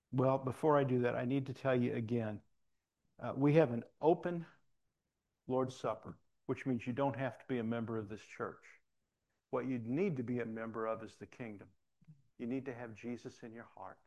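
Man, pastor, sermon in church, folksy storytelling, mid pitch. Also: a little mellow. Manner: folksy and conversational, telling stories. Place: church sanctuary.

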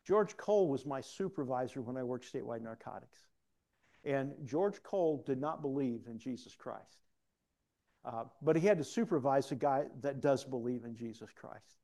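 A middle-aged man preaching a sermon, telling personal stories and swinging from hushed asides to loud exclamations. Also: medium pitch, expressive, normal speed, creaky.

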